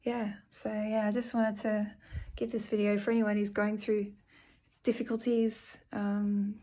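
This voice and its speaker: A woman talks to her viewers from home in an earnest, heartfelt way, softly and with many pauses and fillers. Her pitch sits in the middle and stays level, with little rise or fall. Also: flat delivery. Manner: soft, earnest and emotional, with frequent fillers. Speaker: vlogger. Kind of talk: personal video update.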